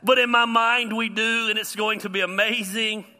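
A man, a pastor preaching an animated sermon with self-deprecating humor. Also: sits high, moderate pace. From US South.

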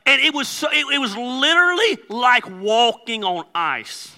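Animated pastor in a reverberant hall. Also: male voice, very high voice, moderate pace. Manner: joking storyteller, animated with sudden loud outbursts. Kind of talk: sermon. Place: church sanctuary.

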